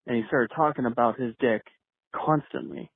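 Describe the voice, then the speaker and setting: A man's voice: medium pitch, normal speed, husky, no echo. A male caller leaving a chatty voice message, telling an anecdote and chuckling as he goes. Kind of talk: phoned-in anecdote. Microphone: phone voice message. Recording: dry tinny phone line.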